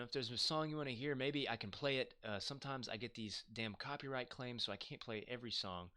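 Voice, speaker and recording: A man hosting a casual live stream, talking straight into his home mic in a bright, forward voice. His delivery is loose and chatty as he reads viewer comments aloud. He throws in swearing and makes jokes at his own expense. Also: on the low side. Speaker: livestream host.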